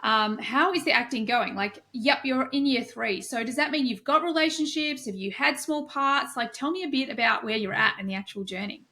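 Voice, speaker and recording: A woman's voice: a little high, moderate pace, hardly any pauses, pushed and bright. A woman hosting a podcast, affirming her guest and asking eager follow-up questions. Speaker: podcast host. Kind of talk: casual interview.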